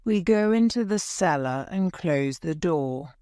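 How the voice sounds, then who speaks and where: A woman narrates a graded reader at a very slow, deliberate pace, in a somewhat low voice. The recording is dry and close, with no room sound. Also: lively intonation, warm tone, no room sound. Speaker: audiobook narrator. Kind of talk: slow scripted storybook narration for learners.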